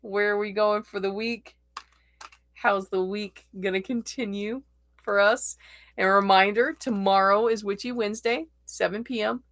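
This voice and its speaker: Slow-talking gravelly woman host. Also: mid-range voice, no room sound. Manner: slow, chatty, gently encouraging, reads viewer comments aloud. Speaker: host of a tarot livestream. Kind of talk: casual livestream chat.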